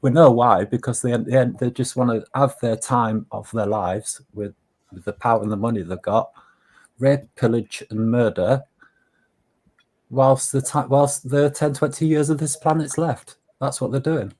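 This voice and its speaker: A man's voice: mid-range voice, fairly even intonation, a little slow, darkish tone. A man with an English accent talking bluntly in casual chat, ranting and teasing with "mate". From England.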